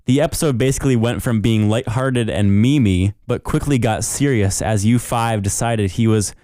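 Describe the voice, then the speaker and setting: A man's voice: mid-range voice, moderate pace, dark tone, dry recording, clean studio sound. A young man co-hosting a podcast in casual chat, reading a listener email aloud and laughing often. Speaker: podcast co-host.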